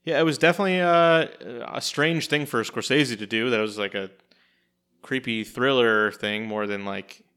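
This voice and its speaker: A young man hosting a podcast, steering the talk in a dry, laid-back way. His voice is mid-pitched and sounds bright and sharp. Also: normal speed, smooth. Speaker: podcast host. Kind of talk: casual chat.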